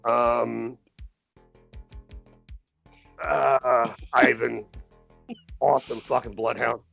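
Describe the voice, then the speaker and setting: A man's voice: mid-range voice, flat delivery, very slow, vocal fry, fairly bright tone, lo-fi sound, faint music behind. A man co-hosting a podcast, casually reviewing a movie in a rambling, profane way, laughing often and acting out the characters. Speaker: podcast co-host.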